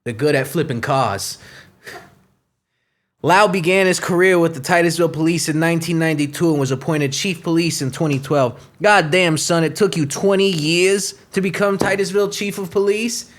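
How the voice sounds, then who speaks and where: Young male podcast host, profane and sarcastic, a bit higher voice, rant-style news reading. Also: steady tone, brisk, hardly any pauses. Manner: profane, mocking, switches into goofy voices.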